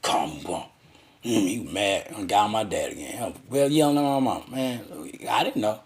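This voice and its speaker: A man's voice: fairly low pitch, moderate pace. A man telling a crude, profane, rambling story about his childhood.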